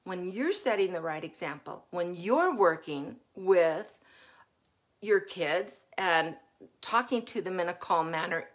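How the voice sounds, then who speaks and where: A middle-aged woman giving a live-stream talk as a parenting coach, chatty and laughing often as she acts out her own moments of yelling. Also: fairly low pitch.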